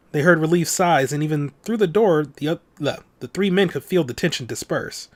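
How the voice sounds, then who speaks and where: A man's voice: fairly high pitch, normal speed, few pauses. A man hosting a let's play, reading a visual novel's text aloud in a dramatic voice and dropping in casual comments. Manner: dramatic read-aloud broken by offhand comments.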